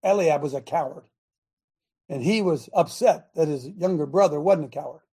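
Preacher retelling a bible story, kinda husky, mid pitch, calls for amens. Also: moderate pace, dark tone. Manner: dramatic, calls for amens, retells scripture loosely. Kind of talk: sermon.

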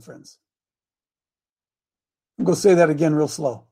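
High-voiced preacher man calling for amens. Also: a little fast, long pauses, dark tone. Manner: calls for amens from the congregation; repeats words and restarts, speaks directly to people in the room. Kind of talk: sermon mixed with political talk.

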